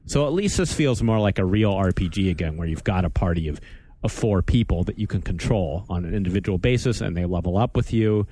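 A man hosts a casual gaming podcast, rambling and wry as he chats, often stopping and restarting his sentences. His deep voice is expressive, mellow, and a little fast, with a breathy edge.

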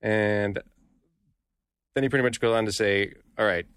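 A man's voice: on the low side, steady tone, a little slow, a bit bright, smooth, no echo. A man co-hosting a casual podcast, chatting and reading quotes aloud. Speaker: podcast co-host.

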